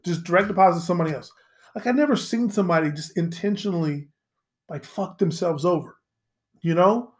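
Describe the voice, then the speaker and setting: A young adult man hosting a solo podcast, ranting in a profane, sarcastic, rambling way, tagging lines with "right?" and "you know?", and dropping into low mock voices when he quotes people. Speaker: podcast host. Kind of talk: solo comedic podcast rant.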